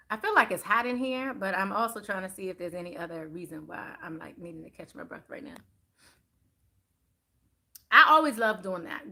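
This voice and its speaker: A woman hosting a spiritual card-reading live stream. She chats casually with her viewers, calls them y'all, and gets animated and louder on the points she stresses. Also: medium pitch. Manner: chatty and animated, rising louder on emphasis.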